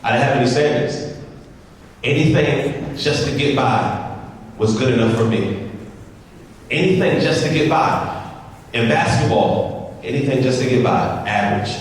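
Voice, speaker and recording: This man is a motivational speaker whose humorous storytelling speech repeats itself and speaks directly to the audience, picked up from far away in a large hall. His pitch is medium, his pace measured with frequent pauses, and a slight hiss or hum underlies the recording.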